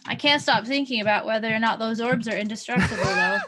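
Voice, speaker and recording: A woman taking part in a tabletop game, talking in a chatty, playful way full of fillers. Her voice sits a little high for a woman. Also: fast, noisy background. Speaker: player. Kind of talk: casual tabletop role-play.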